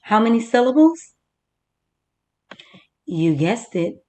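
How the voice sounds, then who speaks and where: A woman teacher leading a first-grade reading lesson, slowly sounding out words for young children. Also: fairly high pitch, sing-song, dark tone.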